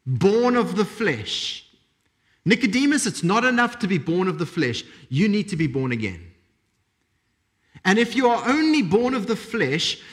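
Emphatic high-voiced male preacher. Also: fairly bright tone. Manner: emphatic and repetitive, with dramatic pauses. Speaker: pastor. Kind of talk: sermon.

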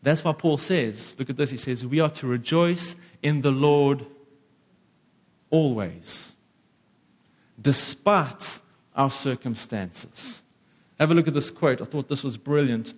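A man's voice: mid-range voice, slow pace, pauses often. A man preaching a sermon as pastor, emphatic and acting out the voices of worried listeners.

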